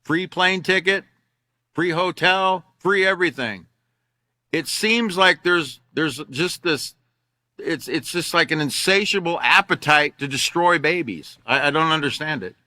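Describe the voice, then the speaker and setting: An older man leads a class, reading articles aloud and mocking them with heavy sarcasm. His voice sits fairly high and bright, and the recording is close and dry with no room sound. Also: unhurried, no echo. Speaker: class teacher. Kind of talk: sarcastic teaching commentary.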